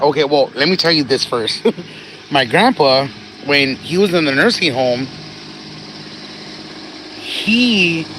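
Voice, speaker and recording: A man's voice: on the high side, a bit bright, a little hiss or hum. A man on a phone livestream outdoors at a cemetery, telling a personal story casually, laughing often, repeating phrases and getting emotional. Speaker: livestream host.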